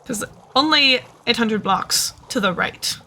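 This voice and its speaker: A woman's voice: fairly high pitch, unhurried, pushed and bright, a little hiss or hum. A tired woman streamer rambling casually to herself while she plays. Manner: chatty, rambling, self-talking. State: tired, short on sleep. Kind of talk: casual gameplay commentary.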